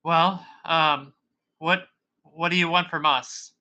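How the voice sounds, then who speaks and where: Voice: mid-range voice, steady tone, slow pace, sharp tone. A game master voicing a wary drow woman who stumbles and hesitates, then bluntly makes demands. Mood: demanding.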